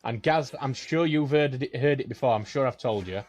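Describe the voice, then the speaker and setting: A man's voice: mid-range voice, brisk, a little mellow. Sweary storyteller, man. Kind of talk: casual chat, telling a long joke.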